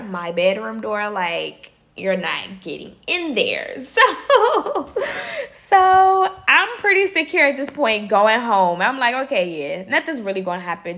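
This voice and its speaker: A woman's voice: medium pitch, creaky, a bit bright. A young woman in her twenties, chatting animatedly to her viewers as she tells a storytime while doing her nails, swearing freely. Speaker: vlogger.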